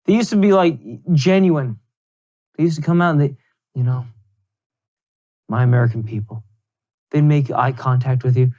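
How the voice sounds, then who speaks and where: A man's voice: on the high side, moderate pace, dark tone, muffled recording. A man co-hosting a podcast, talking loosely and wryly about politics. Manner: wry, joking, loose and conversational. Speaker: podcast co-host. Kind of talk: casual political chat.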